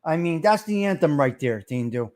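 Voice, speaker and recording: A man hosting a casual livestream, talking loud, profane and fired-up. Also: fairly high pitch, expressive, normal speed. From Italian-American. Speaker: livestream host.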